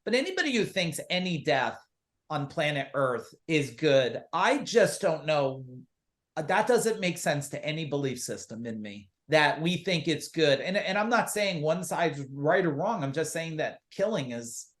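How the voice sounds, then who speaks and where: A business coach appears as a guest in a casual podcast interview, speaking at a measured pace in a slightly high voice. He's an animated storyteller, telling lively stories and acting out the quoted dialogue in them.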